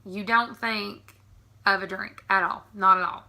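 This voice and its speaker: A woman's voice: medium pitch, fairly even intonation, a little slow, sharp tone. A woman in her thirties with a Southern American accent, chatting casually and giggling through an accent tag video. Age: 30s. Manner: chatty, giggly, frequent ums. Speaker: vlogger.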